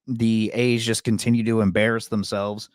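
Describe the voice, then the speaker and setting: A man co-hosting a sports podcast in a relaxed, rambling way with many fillers. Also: lowish voice, moderate pace, clear, resonant tone, no echo, studio quality. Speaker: sports podcast co-host and radio reporter. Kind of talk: casual chat.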